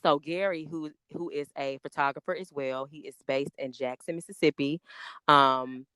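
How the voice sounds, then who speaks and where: A woman chats eagerly on a podcast, her words tumbling out in excitement. Her voice is smooth and clear, recorded close in a dry space. She slows down to spell names letter by letter. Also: low-pitched, no echo. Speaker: podcast guest, makeup artist. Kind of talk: casual podcast chat.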